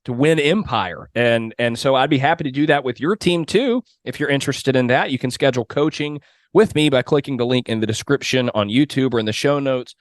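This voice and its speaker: Energetic man, dry close sound. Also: mid-range voice, brisk, no echo. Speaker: guest, mock trial competitor and coach. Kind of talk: casual podcast conversation.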